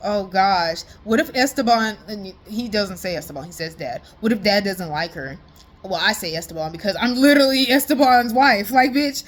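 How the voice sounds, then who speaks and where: A woman chatting casually as if on a call with a friend, excited and slangy, rambling and laughing often. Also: mid-range voice, normal speed. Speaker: vlogger.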